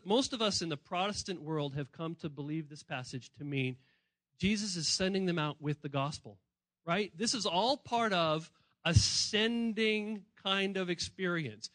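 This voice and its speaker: Male pastor, high and bright, conversational preacher who voices the people he quotes, dry close sound. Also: moderate pace, no echo, low-quality recording. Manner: swings between hushed and emphatic. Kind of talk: sermon.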